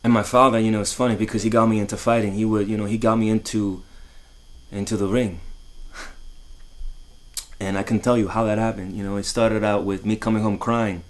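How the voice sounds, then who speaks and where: A man acting a boxer recalling his childhood in a dramatic monologue, halting and repetitive, with many fillers. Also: lowish voice, flat delivery, close to an everyday voice. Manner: halting, repetitive, full of "you know".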